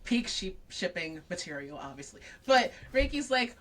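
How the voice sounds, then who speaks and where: A woman guest in a casual interview, telling a story in an animated way with lots of acted-out dialogue and frequent laughs. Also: lowish voice, moderate pace, hardly any pauses. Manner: laughs often while talking.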